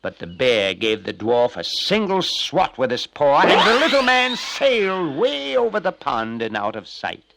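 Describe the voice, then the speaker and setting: Male storyteller for a children's fairy-tale record, expressive, unhurried delivery, bright tone. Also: on the high side, creaky, poor audio. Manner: animated, expressive. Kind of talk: scripted fairy-tale narration.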